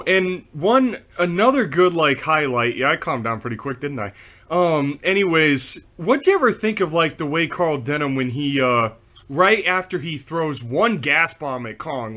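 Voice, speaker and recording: A man's voice: fairly high pitch, fairly bright tone. A young man co-hosting a casual movie review chat, telling stories and often breaking into laughter.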